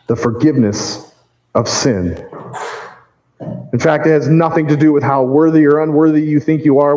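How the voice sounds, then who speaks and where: A male pastor delivering a sermon in a church, earnest and measured, with slow emphatic phrases. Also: on the high side, a little mellow, reverberant, in a large hall, rough recording.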